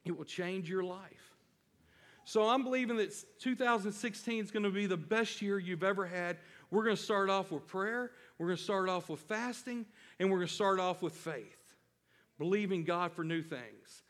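Man, pastor, sermon, slightly high voice, dramatic slowdowns, reverberant church hall. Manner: preaching with dramatic slowdowns and rising emphasis.

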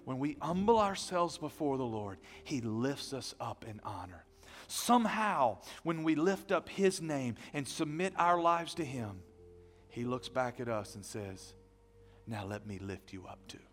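A middle-aged man preaching a sermon as pastor, dynamic, swinging from loud to hushed. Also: mid-range voice, big pitch swings, a little slow. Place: church sanctuary. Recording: long hall reverb.

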